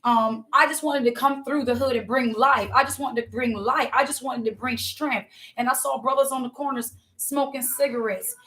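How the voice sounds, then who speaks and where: A woman's voice: sits high, steady tone, normal speed, sharp tone. A woman giving a fervent testimony sermon, preaching to her listeners and often calling them y'all.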